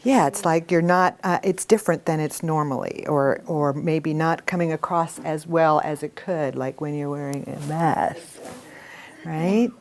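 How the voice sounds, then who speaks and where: A middle-aged woman teaching a workshop, expressive and animated, often laughing as she talks. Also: sits low, unhurried. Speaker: workshop trainer.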